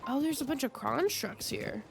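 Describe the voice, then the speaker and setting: A woman's voice: high voice, lively intonation, normal speed, creaky, over music. A young woman streaming a video game, chatting casually and telling a rambling, giggly story. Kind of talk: casual live-stream chat.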